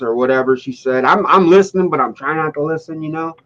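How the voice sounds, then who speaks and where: A man in his thirties casually telling a long, profane joke as if it were true, with a rambling, deadpan build-up. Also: mid-range voice, fast. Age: 30s. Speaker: storyteller. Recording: dull lo-fi sound.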